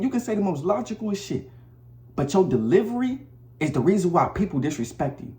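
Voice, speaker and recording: Man with a slightly high voice, blunt and repetitive, preaching to the camera in a roomy space. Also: sing-song, fairly quick, dark tone. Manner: blunt, preachy, slangy, repeats himself. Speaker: vlogger. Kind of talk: casual advice monologue to camera. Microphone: camera mic.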